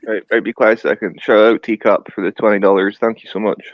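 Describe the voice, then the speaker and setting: A man with a Scottish accent, co-hosting a casual panel chat after a few drinks and bossily hushing the others to read out donations. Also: on the low side, little pitch movement, fast talker, no echo. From Northern Scotland. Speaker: co-host. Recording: muffled lo-fi audio.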